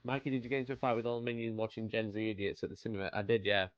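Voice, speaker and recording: A man's voice: fairly low pitch, level tone, very fast, clean tone, highs cut off, faint music behind. A British man hosting a live stream while painting miniatures, chatting casually and greeting viewers by name. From United Kingdom. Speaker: livestream host painting miniatures.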